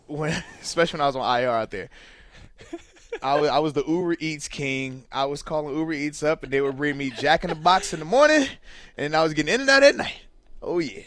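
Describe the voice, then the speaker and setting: A man co-hosting a sports radio show, playful and animated in casual banter. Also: on the high side, fairly quick, no echo. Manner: playful, animated, laughs and repeats words. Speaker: radio show co-host, former player. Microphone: studio microphone.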